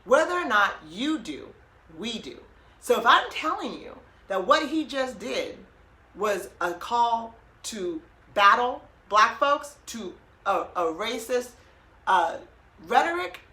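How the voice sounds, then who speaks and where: A woman's voice: fairly high pitch, big pitch swings, takes it slowly, sharp tone. A woman hosting a podcast, telling a story with emphasis, laughing often and quoting what was said. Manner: emphatic, laughs often, quotes herself and others. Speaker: podcast host. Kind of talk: animated storytelling. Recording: roomy echo.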